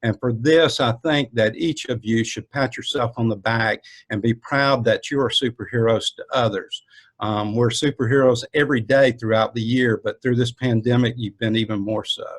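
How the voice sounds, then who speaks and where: Halting Southern man opening a conference. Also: medium pitch, fairly even intonation. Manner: halting, with many ums and uhs. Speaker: conference host.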